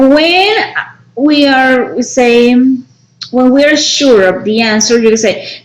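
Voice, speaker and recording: A woman teaching an English grammar lesson, explaining slowly and checking in with "right?" after each point. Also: on the high side. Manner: slow, explanatory, frequent tag "right?". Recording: echoey room.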